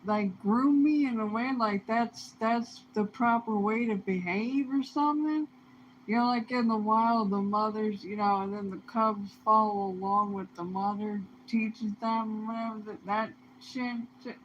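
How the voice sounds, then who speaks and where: A woman ranting in a heated, profane monologue, swinging between low muttering and loud outbursts. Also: fairly even intonation, a little slow. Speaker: vlogger. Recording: dull lo-fi sound with faint noise.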